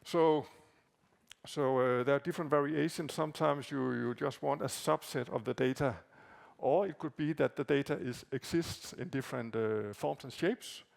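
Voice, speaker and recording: A man whose first language is Danish gives a conference talk, walking through slides in a halting way with frequent fillers and repeated words. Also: medium pitch, gravelly. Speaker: conference presenter. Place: conference hall.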